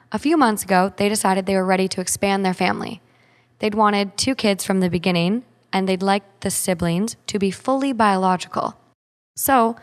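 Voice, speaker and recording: A woman podcast co-host reading a listener's story aloud, then chatting casually about it with frequent "like". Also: mid-range voice. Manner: reads steadily, then chats with frequent "like". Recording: long hall reverb.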